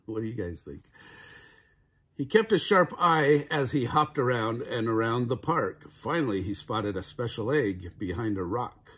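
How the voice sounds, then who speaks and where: An older man, a grandfather, reading a children's picture book aloud with gentle asides. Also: medium pitch, expressive, measured pace, husky. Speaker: storybook reader.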